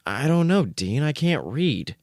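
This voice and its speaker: A man's voice: sing-song, measured pace, darkish tone, no echo, studio quality. Man putting on a yelping big dog brother. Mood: hesitant. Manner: high, strained barking yelps. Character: big male dog, anxious younger brother.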